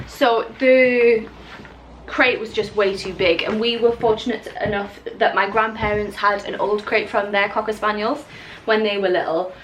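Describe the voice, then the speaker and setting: A woman's voice: medium pitch, fairly bright tone, a little hiss or hum. A young woman chatting casually to camera at home, rambling and breaking off now and then to talk to her puppy. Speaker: vlogger. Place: home living room.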